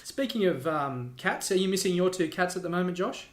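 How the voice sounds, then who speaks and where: A man's voice: high-pitched, lively intonation, a little fast. A man co-hosting a comedy podcast in easygoing, laughing banter. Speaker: podcast co-host. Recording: roomy echo.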